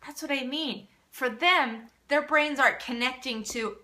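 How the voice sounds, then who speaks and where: A middle-aged woman speaks in a bright, clear voice as she hosts a live parenting Q&A. She is earnest and animated, reads out viewer comments and answers them at length. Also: high voice, measured pace. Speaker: parenting coach hosting a live Q&A.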